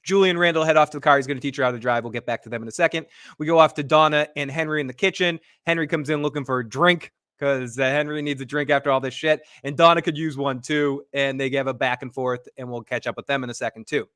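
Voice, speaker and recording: Bright man recapping an episode in a dry room. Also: medium pitch, steady tone, clean tone, no echo. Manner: brisk storytelling, acting out the scenes he retells. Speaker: podcast host. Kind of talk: casual recap narration.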